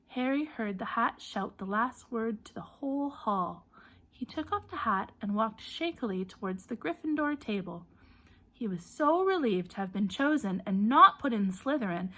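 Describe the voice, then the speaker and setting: Bright, lively woman reading a storybook. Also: on the high side, moderate pace. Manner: lively reading, puts energy into called names and shouts. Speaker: audiobook narrator. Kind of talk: storybook narration.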